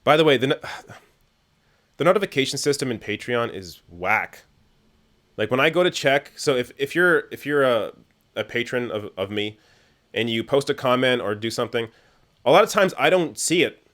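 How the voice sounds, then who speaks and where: A man's voice: mid-range voice, expressive, moderate pace, pauses often, fairly bright tone. Chatty Canadian man reading live chat. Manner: chatty, laughs often, trails off with fillers. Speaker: livestream host answering chat.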